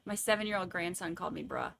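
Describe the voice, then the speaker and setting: A woman's voice: lowish voice, expressive, moderate pace, creaky, a bit bright, slight background noise. A woman, chatting casually and laughing as she reads viewer comments at home. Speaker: livestream host.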